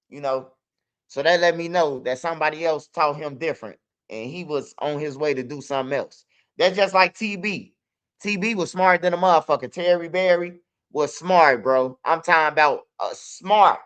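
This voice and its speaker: Man, young adult, streetwise, casual storyteller, fairly high voice. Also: fairly bright tone, clean tone. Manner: streetwise, loose, peppers talk with "bro" and "you hear me". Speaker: channel host.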